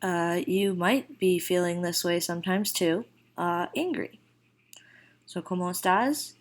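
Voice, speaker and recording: Gravelly-voiced woman teaching a lesson. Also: lowish voice. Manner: slow, deliberate model phrases with casual fillers. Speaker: Spanish teacher. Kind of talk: recorded vocabulary lesson.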